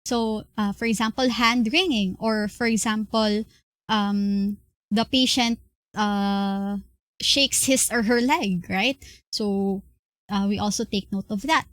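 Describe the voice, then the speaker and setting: A young woman with a Filipino accent giving an online class lecture, explaining slowly with many fillers and restarts. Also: mid-range voice, steady tone, a bit bright, no echo. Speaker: class presenter.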